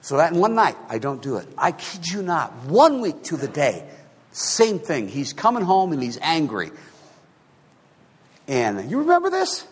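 A man in his fifties, a pastor telling a story in a sermon, swinging between hushed and loud. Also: a little high, wildly swooping pitch, unhurried, husky. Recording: long hall reverb.

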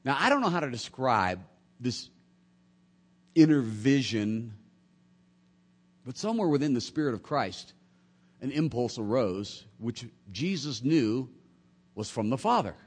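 A man preaching a sermon, swinging between quiet, low passages and loud, high bursts. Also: sing-song, unhurried, long pauses, slightly rough.

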